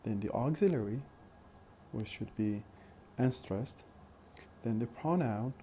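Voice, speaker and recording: A man teaching a phonetics lesson in a slow, deliberate way, repeating example questions. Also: mid-range voice, animated, dark tone, a little hiss or hum. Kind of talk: recorded lecture.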